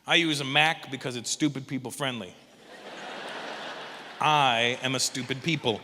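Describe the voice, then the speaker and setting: A man in his fifties doing a stand-up comedy routine, animated and profane, dropping into mocking voices. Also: mid-range voice, fairly quick, background noise. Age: 50s. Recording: echoey hall from a distance.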